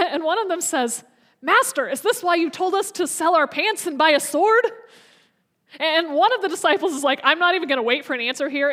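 A woman's voice: high-pitched, fairly bright tone. A young adult woman preacher who retells a story in a chatty, conversational sermon. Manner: chatty, conversational, frequent restarts.

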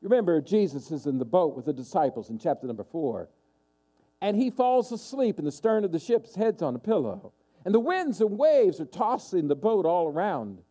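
A man's voice: high voice, big pitch swings, moderate pace, dark tone. A man preaching a sermon as pastor, emphatic and repeating his key questions for stress.

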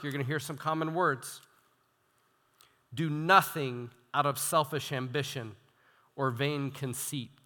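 Young male student minister preaching, bright forceful tone, ringing church hall. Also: medium pitch. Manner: animated, self-deprecating, reads quotes with emphasis. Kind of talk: sermon. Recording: long hall reverb.

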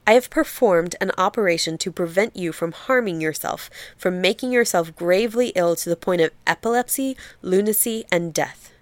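A woman's voice: lowish voice, normal speed, dry recording, lightly acted. A woman reading a story voices a pompous, self-assured Victorian male surgeon.

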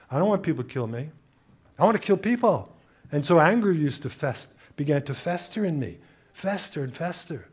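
A man delivering an impassioned sermon, his voice pitched somewhat higher than most men's. He tells stories with animation, often acting out the lines of the people he quotes. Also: slightly rough. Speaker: preacher.

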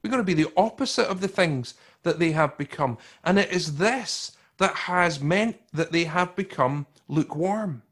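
A man preaching with a slightly raised pitch, loud and emphatic one moment and hushed and slow the next. He talks to his congregation conversationally and often repeats or restarts his words. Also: expressive. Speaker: pastor. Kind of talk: sermon.

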